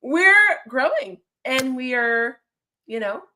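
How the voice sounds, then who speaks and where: Woman, livestream host, casual and chatty, somewhat high voice, upbeat. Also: big pitch swings, takes it slowly, pushed and bright, slight background noise. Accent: non-standard accent, remarked on by a viewer. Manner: upbeat, chatty, laughs often, repeats phrases. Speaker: streamer hosting a football call-in show.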